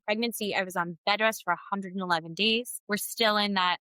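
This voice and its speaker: A woman's voice: mid-range voice, fairly even intonation, a little fast, bright, forceful tone, clear, resonant tone, no echo, poor audio. A woman podcast co-host, casually telling a personal story and acting out quoted dialogue. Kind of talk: casual chat.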